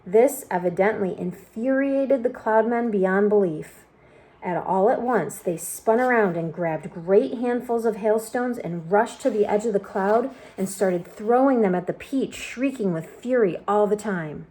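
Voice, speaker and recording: A woman reading a children's book aloud with expressive storytelling narration. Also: medium pitch, unhurried. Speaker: storybook reader.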